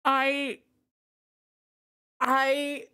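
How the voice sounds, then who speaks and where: A woman's voice: high voice, monotone, drawn-out words, sharp tone. A young woman streaming a life-sim game who keeps exclaiming and breaking into helpless laughter as she greets chat. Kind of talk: live gaming stream chat.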